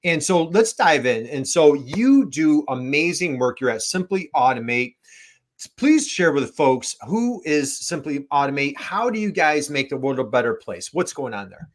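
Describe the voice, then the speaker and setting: A man's voice: a little high, very animated, moderate pace. Upbeat man telling a story, laughing. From Western New York. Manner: enthusiastic storyteller, laughs often. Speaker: podcast co-host. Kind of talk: casual chat.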